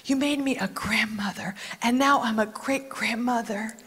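A woman's voice: a little high, normal speed, fairly bright tone, breathy edge, pitched below the performer's own voice. A woman preacher voicing a grateful young foreign widow who pours out an emotional, exclaiming prayer to God. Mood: hushed. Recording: long reverb in a large hall.

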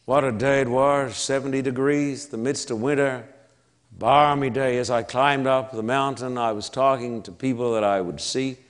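Preaching a sermon in an Australian accent, this man is emphatic and repetitive, leaving long pauses between phrases. His mid-range voice keeps a fairly even intonation.

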